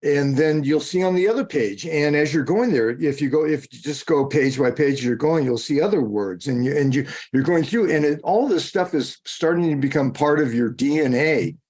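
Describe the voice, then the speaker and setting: A man's voice: on the high side, normal speed, few pauses, darkish tone. Rambling man, casual interview guest. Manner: rambling, digressive, frequent self-corrections and restarts.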